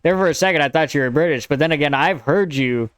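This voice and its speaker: An American man reads his own draft aloud and chats with his viewers. His voice is smooth and even, recorded dry and close. He rambles easily and stops mid-sentence to fix his wording. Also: on the high side, fast, no echo. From United States. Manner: rambling and conversational. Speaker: streamer and writer.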